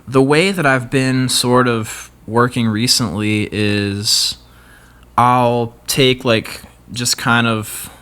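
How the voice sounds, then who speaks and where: A man's voice: mid-range voice, steady tone, slow, bright, forceful tone, smooth. A young man, a guest guitarist, talking in a laid-back, rambling way with many fillers. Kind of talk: casual chat.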